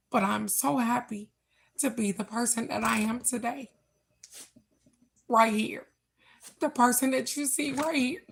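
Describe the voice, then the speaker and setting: Slow, earnest woman card reader. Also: fairly high pitch, vocal fry, a bit bright. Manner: slow, earnest, affirming, speaks directly to viewers. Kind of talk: reflective spiritual talk to viewers.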